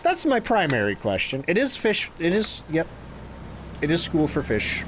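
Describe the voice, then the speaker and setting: A man's voice: a little high, huge pitch swings, moderate pace, fairly bright tone, a little hiss or hum. A man streaming a game live, reacting with goofy jokes and sudden exclamations and thanking his chat. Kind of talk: live gameplay commentary.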